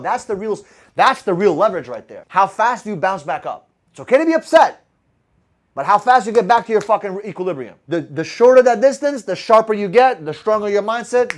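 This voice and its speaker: A man with a high voice gives a motivational sales talk to a room of listeners. He talks fast, swears freely and keeps throwing rhetorical questions at the crowd. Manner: blunt and profane, firing rhetorical questions at the audience. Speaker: sales coach. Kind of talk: motivational talk to a live group.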